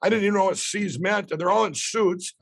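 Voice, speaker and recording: A man, telling a rambling, excited story as a podcast guest. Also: high voice, a little fast, vocal fry, no room sound.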